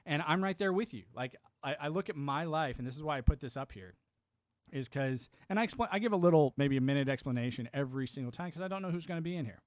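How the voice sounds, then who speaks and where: A man's voice: on the high side, fast talker, no room sound. Rambling American man, dry close mic. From United States. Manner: animated, acts out quoted voices, filler-heavy. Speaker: livestream host. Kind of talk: casual rambling monologue.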